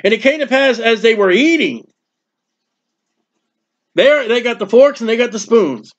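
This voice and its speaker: In a dull lo-fi clip, a man from the United States gives a homespun storytelling sermon and performs the lines of the people in his anecdotes. His voice is very high and lively, with a slightly slow delivery.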